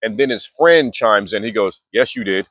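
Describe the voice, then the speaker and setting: A man's voice: on the low side, animated, moderate pace, fairly bright tone, dry recording. A young man telling a story in casual, slangy talk, with frequent restarts and fillers, as a mindfulness vlogger. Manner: laid-back slangy talk with many restarts.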